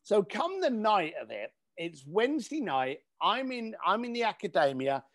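A man telling a story on a podcast. His voice is high and swings widely in pitch, and he swears casually. He is recorded close and dry. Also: sing-song, normal speed, a bit bright, no echo. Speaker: podcast guest. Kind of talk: animated storytelling.

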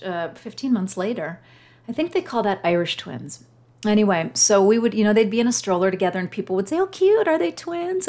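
A middle-aged woman speaks straight to her podcast listeners in a warm, personal monologue. Her talk is chatty and heartfelt, with pauses when emotion rises. Her pitch sits in an ordinary middle range. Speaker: podcast host.

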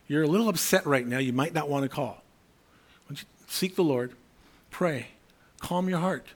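A man preaching a sermon in a conversational way, often acting out the voices of imagined people. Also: on the high side.

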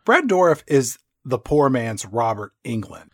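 A man co-hosting a movie podcast, recapping the plot in a sardonic, deadpan way. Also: mid-range voice, unhurried, no echo, clean studio sound. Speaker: podcast co-host. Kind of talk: casual movie recap chat.

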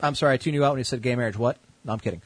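A man's voice: mid-range voice, racing, slightly rough, no room sound, poor audio. A man from the United States hosting an online call-in show, laid-back and joking with crude language. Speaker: show host.

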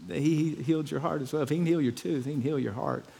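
A man's voice: a little high, fast talker, vocal fry, warm tone, in a large hall. A pastor telling a story in a conversational sermon, often repeating his words.

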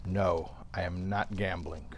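A man voicing a sheepish priest who mutters a quiet fib. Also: sits low, flat delivery, a little slow, pitched below the performer's own voice. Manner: hushed, muttered aside. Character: sheepish male priest fibbing to police.

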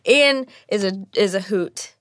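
A woman's voice: measured pace, a bit bright, dry recording, clean studio sound. A woman voice actress in casual chat, bubbly, laughing often and acting out quotes. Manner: bubbly, laughs often, quotes people with big pitch swings.

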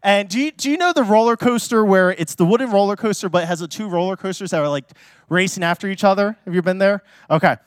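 A man with a notably high voice preaches as a pastor, telling stories in a loose, conversational way. He fills his talk with fillers and restarts. The sound is dry and close, with little room echo. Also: fast talker. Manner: chatty, with many fillers and restarts. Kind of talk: casual storytelling sermon. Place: church.

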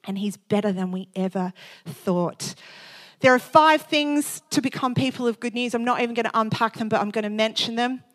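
Brief: a fervent woman preacher with a fairly high voice, quick and worked up, building to loud exclamations. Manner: fervent, fast-paced, rising to exclamations. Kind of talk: sermon.

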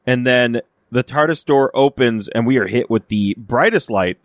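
A man talks through a TV episode in casual podcast chat. He rambles, fills gaps with "um" and "uh", and restarts his sentences. The sound is dry and close, and his voice sits at a middle pitch. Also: normal speed, no echo. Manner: rambling, many fillers and restarts, acts out quoted lines. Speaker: podcast co-host.

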